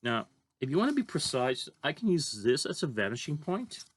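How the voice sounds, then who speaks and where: A man's voice: fairly high pitch, very animated, moderate pace. A man teaching a drawing lesson, talking casually and thinking aloud as he draws. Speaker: art teacher.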